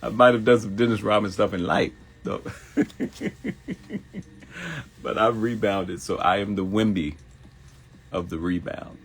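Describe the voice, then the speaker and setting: A man in his fifties hosting a live morning show, giving a motivational monologue that repeats phrases and jumps into high mock voices for quotes. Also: steady tone, unhurried, pauses often, slightly rough. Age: 50s.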